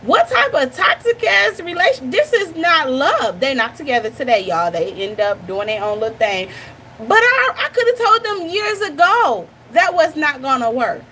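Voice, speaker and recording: A woman's voice: high-pitched, sing-song, moderate pace, fairly bright tone, a little hiss or hum. A young woman hosting a reaction channel, talking bluntly and animatedly straight to her viewers in casual commentary.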